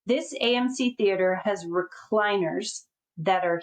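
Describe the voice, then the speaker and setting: A middle-aged woman with a Canadian accent chats easily on a podcast, telling rambling stories about everyday life. Her pitch sits in the middle range for a woman, and her delivery stays relaxed and conversational. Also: unhurried, poor audio. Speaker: podcast co-host. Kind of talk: casual chat.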